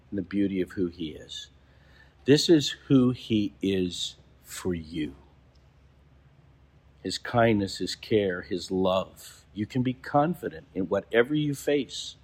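Bishop giving a sermon, husky low voice, storyteller who slows for weight. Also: male voice, a little mellow. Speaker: bishop preaching.

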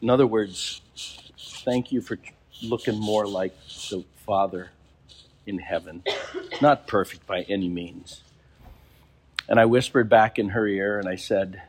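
Bishop giving a sermon, husky low voice, storyteller who slows for weight. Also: male voice. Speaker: bishop preaching.

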